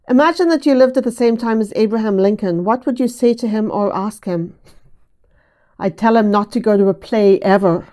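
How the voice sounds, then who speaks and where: A woman hosting a reaction video, reading and commenting with wry, amused, deadpan asides. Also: a little high. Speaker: host of a writing channel.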